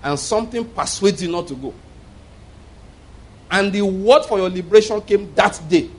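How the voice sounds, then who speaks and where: A man's voice: sits high, expressive, normal speed. A man preaching a sermon, telling a story with frequent chuckles and repeated words.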